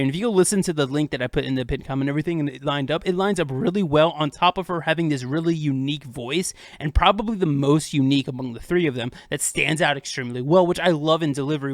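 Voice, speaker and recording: In studio-quality audio with no room sound, a young man with a fairly high-pitched voice hosts a casual, unedited music breakdown. As the channel's host, he talks cheerfully about rap flows, using plenty of fillers.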